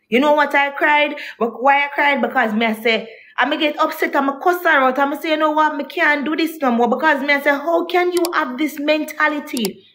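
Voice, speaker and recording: High-pitched and a bit bright, a young woman vlogs a heated story about a partner for her viewers. It's an emotional, indignant rant in which she repeats herself while venting.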